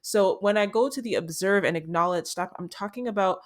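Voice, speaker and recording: Woman, young adult, podcast host, soft soothing delivery, unhurried, mid pitch. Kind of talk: self-help podcast talk.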